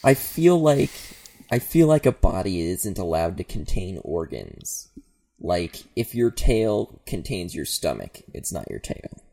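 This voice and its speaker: A playful man runs a podcast riddle game as game master, with a wry delivery. He speaks slowly with a gravelly edge, and his pitch swings widely from low rumbles to high jumps. His tone stays mellow and dark. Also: sing-song. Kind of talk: podcast tabletop narration.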